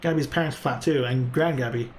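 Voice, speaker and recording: A man's voice: medium pitch, brisk, a little hiss or hum, close to an everyday voice. A man voicing an eager young goblin flapper woman who speaks of herself in the third person.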